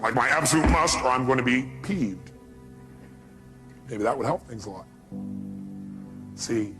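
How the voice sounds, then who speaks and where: A man giving a motivational speech to an audience, firing rhetorical questions and swinging from loud bursts to low, intimate asides. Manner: emphatic, rhetorical questions to the crowd. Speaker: motivational speaker. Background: music bed.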